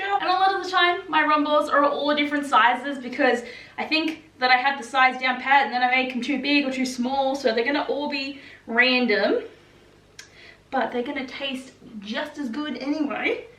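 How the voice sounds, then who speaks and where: Young australian woman, high voice, chatty vlog talk, gushing, says "like" a lot. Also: moderate pace, a bit bright. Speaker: vlogger. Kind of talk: casual chat to camera.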